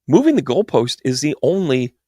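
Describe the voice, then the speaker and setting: A man's voice: mid-range voice, very animated, normal speed, dark tone, no room sound, studio quality. A man giving a rambling, exasperated political commentary monologue with sarcastic asides. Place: New York.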